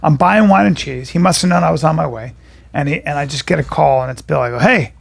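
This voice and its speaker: Man, gravelly husky voice, slightly high, close and dry; quick casual interjections. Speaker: podcast co-host. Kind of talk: casual chat.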